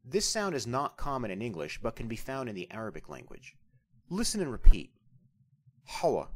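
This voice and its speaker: Man, language teacher, scripted narration, deliberate, slow spelling-out of sounds, expressive pitch. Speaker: language instructor.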